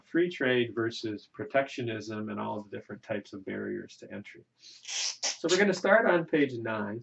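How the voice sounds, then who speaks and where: A male economics lecturer with a gravelly voice talks through a classroom lesson in a chatty, folksy way. He keeps checking in with "right?". The recording is dull and lo-fi. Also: medium pitch, fairly bright tone.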